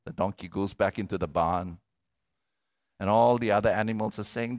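A middle-aged male pastor preaching a sermon, animated, repeating words and asking for amens. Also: lowish voice, normal speed.

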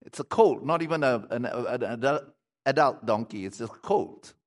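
A man's voice: mid-range voice, expressive, normal speed. A pastor preaching a sermon, reading scripture aloud and breaking off to comment to his congregation. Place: church sanctuary. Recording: long hall reverb.

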